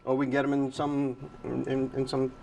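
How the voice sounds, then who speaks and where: A man's voice: mid-range voice, monotone, moderate pace, vocal fry, a little mellow, a little hiss or hum. Chatty male morning TV host. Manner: chatty, repeats guests' words back. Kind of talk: casual TV interview.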